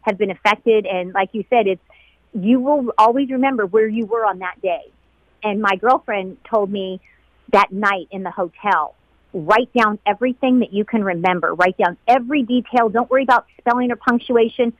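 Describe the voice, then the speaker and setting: A middle-aged woman, a flight attendant, recalling events in an emotional interview, heartfelt and quoting others in lively voices. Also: medium pitch, moderate pace, dry recording, low-quality recording.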